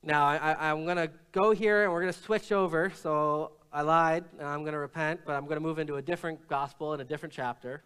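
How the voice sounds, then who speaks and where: Guy pastor preaching in church, high smooth voice, acts out the bible bits. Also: a bit bright. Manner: storytelling preacher, quotes scripture and acts out lines with shifts in pitch and pace. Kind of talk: sermon.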